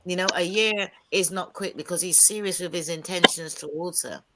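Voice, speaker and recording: A woman's voice: lowish voice, moderate pace, very noisy. A woman and single mother in casual panel talk on a video call, telling stories and acting out what people said. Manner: animated storyteller acting out quotes.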